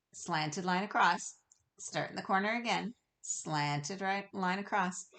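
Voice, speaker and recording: A gentle, fairly low-pitched voice of a middle-aged woman teaching young children on video. She speaks slowly and encouragingly, pausing to ask the kids questions. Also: vocal fry.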